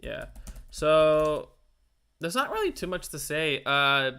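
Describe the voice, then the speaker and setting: A man's voice: on the high side, sing-song, slow pace, bright, forceful tone, clear, resonant tone. A man co-hosting a TV aftershow in casual chat, rambling through jokey tangents. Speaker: aftershow co-host.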